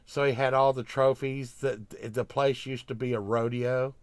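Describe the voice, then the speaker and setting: An older man, rambling in casual chat as a podcast host, grumbling and getting loud when he rants. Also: mid-range voice, level tone, moderate pace, smooth, no room sound.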